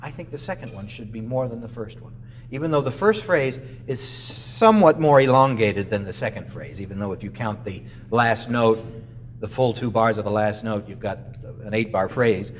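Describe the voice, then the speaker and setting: In a rehearsal room, a clinician coaches a concert band in a masterclass, explaining musical phrasing and singing short melodic lines to demonstrate. His voice sits on the low side at a moderate pace, with slight background noise.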